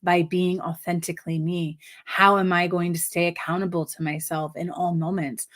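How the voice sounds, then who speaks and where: A woman's voice: on the low side, little pitch movement, normal speed, fairly bright tone. A woman giving live numerology card readings, effusive and giggly, often repeating affirmations. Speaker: numerology reader.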